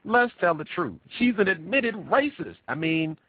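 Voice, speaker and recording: Tired, lively radio host, husky and tinny. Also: male voice, high-pitched, unhurried. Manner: lively, emphatic, repeats himself for effect. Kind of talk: animated talk at a conference. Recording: tinny phone-like dry recording.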